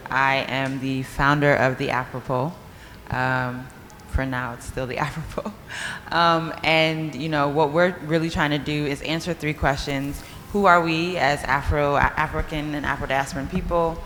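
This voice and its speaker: A woman's voice: low voice, fairly bright tone. A woman speaking as a founder on a panel in a large hall, thoughtful and reflective, with many fillers. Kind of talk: panel introduction. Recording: long hall reverb, faint noise.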